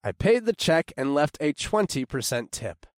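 A man narrating a first-person audiobook in an expressive storytelling way. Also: on the high side, moderate pace, dry recording, clean studio sound.

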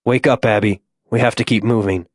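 Man reading a steady young cave leader. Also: lowish voice, brisk, dry recording, clean studio sound, close to an everyday voice. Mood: calm.

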